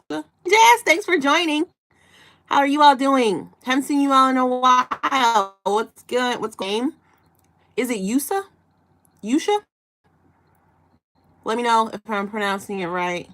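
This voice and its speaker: Speaking in a high, animated, slightly bright voice, a giggly twenty-something livestreamer from Chicago, USA, reads viewer comments during a casual chat. She goes a little slowly and leaves long pauses.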